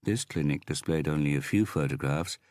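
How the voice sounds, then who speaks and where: A man narrating an audiobook in a measured, even reading. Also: rumbling low, dry recording, clean studio sound. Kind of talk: scripted narration.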